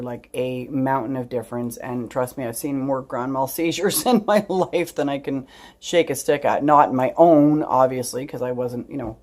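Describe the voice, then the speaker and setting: A middle-aged woman telling a story to her camera at home, rambling, with frequent ums and asides. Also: extremely low pitch. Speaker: vlogger. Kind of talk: casual storytelling vlog.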